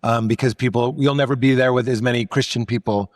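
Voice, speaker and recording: A man's voice: mid-range voice, fairly even intonation, fast talker. A middle-aged man from Massachusetts, a comedian, telling stories in casual conversation, joking and self-deprecating. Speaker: comedian guest.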